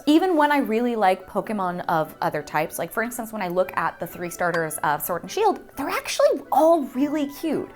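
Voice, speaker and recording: Lively, gushing young woman. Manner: gushing and excitable, voice leaping high. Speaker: voice actor guest. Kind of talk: casual interview chat. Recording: faint music underneath.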